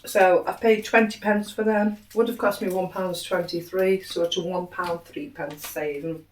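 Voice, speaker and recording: Her voice on the low side and steady, a middle-aged British woman talks at normal speed through a grocery haul video, happily counting up prices and what she saved. A distant mic picks up roomy echo and faint noise.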